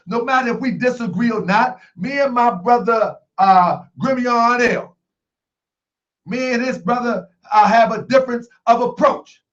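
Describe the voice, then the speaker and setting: A man hosting a call-in livestream show, talking emphatically with much repetition, sometimes shouting and laughing. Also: very high voice, lo-fi sound. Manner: joking, laughs often.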